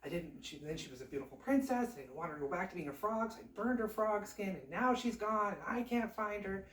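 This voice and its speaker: A woman's voice: medium pitch, lively intonation, fast talker, lightly acted. A woman voicing a rash young prince with a casual, sheepish manner. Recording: roomy, distant mic.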